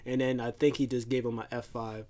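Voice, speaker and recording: A man's voice: mid-range voice, flat delivery, a little fast, darkish tone. A man casually recapping a wrestling show, rambling with lots of fillers and restarts. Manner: rambling, filler-heavy storytelling.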